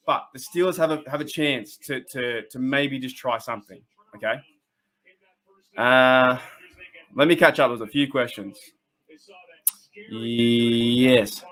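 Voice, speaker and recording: An Australian man hosting a casual fan livestream, excitable and rambling, often restarting his sentences and laughing as he reads the chat. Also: mid-range voice. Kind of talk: casual live-stream chat.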